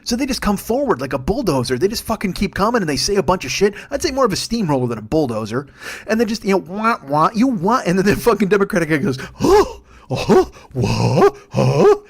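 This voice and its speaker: A male comedian in his forties delivers a furious, profanity-laced rant, riffing freely from one jab to the next. His speaking voice sits slightly higher than most men's. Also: sing-song, racing, husky. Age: 40s. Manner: angry, sweary, riffing. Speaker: comedian podcast host.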